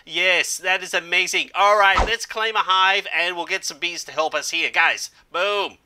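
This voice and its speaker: A man hosting a game walkthrough video, talking energetically, calling out "guys" constantly and punctuating with quick exclamations. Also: high-pitched, bright, forceful tone. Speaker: gaming channel host. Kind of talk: excited game walkthrough commentary.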